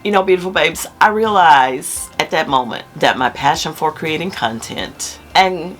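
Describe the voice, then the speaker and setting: An older woman talking to her viewers in an emotional vlog, swinging between hushed lines and emphatic ones. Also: lowish voice. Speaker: YouTube content creator.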